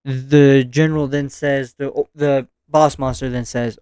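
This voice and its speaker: Excitable slangy man with a smooth voice. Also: medium pitch, a little slow, hardly any pauses, no echo, studio quality. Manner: excitable and slangy, swears casually. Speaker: anime reviewer. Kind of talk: casual video review, recapping episodes.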